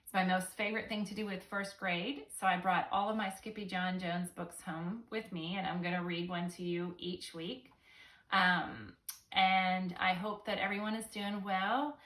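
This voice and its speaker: A woman's voice: on the low side, steady tone, moderate pace, fairly bright tone, reverberant. A woman first grade teacher talking casually to her students in a video message, affectionate, mixing in a few Spanish phrases.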